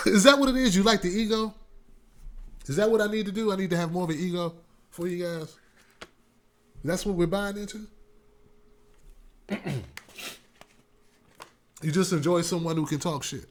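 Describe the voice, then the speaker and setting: Male talk host, higher voice, casual animated rant, repeats himself, laughs a lot. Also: moderate pace, long pauses. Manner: animated, repetitive, laughs often. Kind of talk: casual political commentary.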